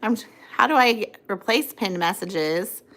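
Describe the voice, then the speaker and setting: Bright-voiced woman chatting on a livestream. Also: medium pitch, animated, measured pace. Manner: rambling, chatty, reads out viewer comments; coos at her dog. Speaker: livestream host. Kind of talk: casual livestream chat. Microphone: phone.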